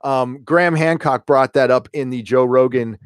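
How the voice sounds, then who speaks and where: A man's voice: mid-range voice, moderate pace, smooth, no room sound, studio quality. A middle-aged man hosting a casual live stream, rambling through stories with profanity and laughing as he reads chat. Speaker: host reading live chat.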